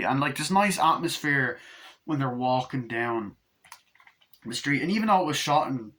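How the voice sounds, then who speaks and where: Young man, twenties, bright voice, laid-back rambling movie reviewer who acts out the dialogue and swears freely. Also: medium pitch, animated, moderate pace. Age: 20s. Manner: rambling, retells scenes mimicking the dialogue, swears casually. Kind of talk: casual film review.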